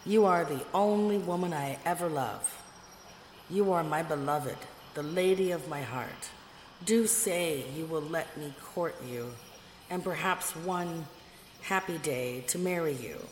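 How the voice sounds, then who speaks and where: A woman's voice: low-pitched, unhurried. A woman voicing a fawning, coarse old nobleman. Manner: flattering, pompous. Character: coarse older nobleman, fawning then menacing. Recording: echoey room with long reverb, faint noise.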